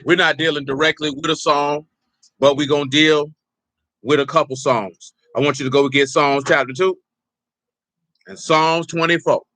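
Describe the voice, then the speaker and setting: Bright-voiced man preaching to his flock. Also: fairly high pitch, fairly even intonation, moderate pace, no echo. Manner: teasing, banters with the congregation. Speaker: pastor. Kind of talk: informal teaching sermon.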